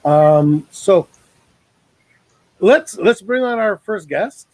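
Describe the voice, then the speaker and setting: A man's voice: sits high, expressive, extremely slow, a little mellow, no echo, poor audio. A man hosting a casual online talk show over a video call, joking and rambling with lots of fillers.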